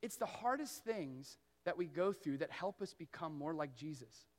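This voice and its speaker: High-voiced earnest male preacher. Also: expressive. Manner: earnest storytelling preaching, slowing on key phrases. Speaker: pastor. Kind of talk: sermon.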